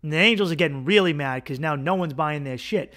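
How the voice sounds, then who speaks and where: A man hosting a podcast, telling a rambling, profane comedic monologue and acting out characters in louder, higher bursts. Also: fast talker. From United States. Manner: profane, rambling, acts out gang voices in a louder higher pitch. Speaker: podcast host.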